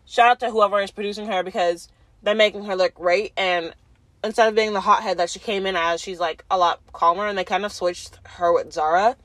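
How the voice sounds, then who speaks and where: A woman's voice: medium pitch, fairly even intonation, a little fast, a bit bright, no room sound. A young woman casually recapping a reality show, chatty and full of fillers, acting out what people said. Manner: chatty, filler-heavy, acts out quotes.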